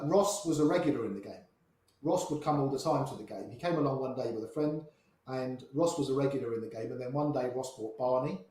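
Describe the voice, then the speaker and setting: A man's voice: medium pitch, warm tone. An older man with grey hair telling poker anecdotes in an interview, acting out the voices of people in his stories. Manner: anecdotal, acts out quoted voices. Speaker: poker player guest. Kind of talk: storytelling interview. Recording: echoey room.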